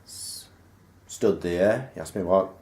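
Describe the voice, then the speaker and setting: A man's voice: low-pitched, slow pace, darkish tone. A man casually recounting a school memory, rambling and acting out the remembered dialogue. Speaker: vlogger. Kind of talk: casual personal storytelling. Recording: roomy echo.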